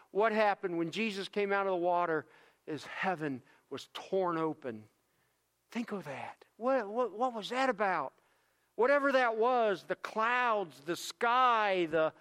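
A man preaching a sermon, earnest and emphatic, repeating phrases and swinging between hushed stretches and louder bursts. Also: high voice. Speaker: pastor.

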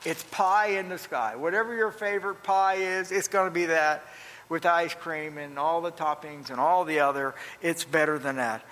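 An older male pastor telling a story from the pulpit in a folksy, animated way, often repeating his phrases. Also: on the high side, moderate pace. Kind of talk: storytelling sermon. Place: church. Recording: long reverb.

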